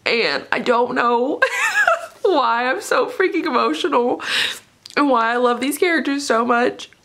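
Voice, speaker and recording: A woman's voice: on the high side, lively intonation, measured pace, fairly bright tone. A young woman vlogging casually at home about books she read, talking in an emotional, gushing way and laughing often. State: tearful. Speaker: book vlogger. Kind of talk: casual vlog chat. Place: dark living room at home.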